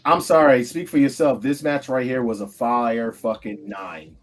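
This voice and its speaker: A man hosting a casual podcast chat, animated, playful and swearing freely. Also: medium pitch, moderate pace, soft background music. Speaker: host.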